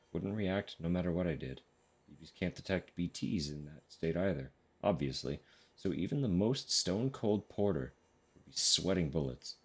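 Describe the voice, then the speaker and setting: An earnest veteran porter confides his worries to a fellow courier, as a man reads the game message aloud. His voice is very deep and low. He talks frankly, like one worker to another. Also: husky, exaggerated voice.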